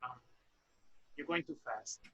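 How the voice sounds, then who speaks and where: A man's voice: medium pitch, slow pace, fairly bright tone, breathy edge, dry recording, muffled recording. A man in the audience interrupting a math talk over a video call with questions. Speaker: audience member asking questions.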